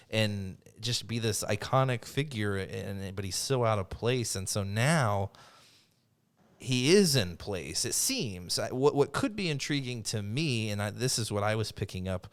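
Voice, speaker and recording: A man's voice: lowish voice, clean tone. A man co-hosting a podcast, rambling enthusiastically through his retellings in casual chat. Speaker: podcast co-host.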